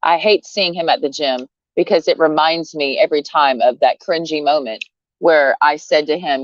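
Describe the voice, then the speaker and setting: This vlogger's voice sits low and moves at a moderate pace as she vents to camera from a spot under a tree outside. She's sarcastic and blunt, cursing freely and laughing between digs. There's no room sound, and the audio is dull and lo-fi.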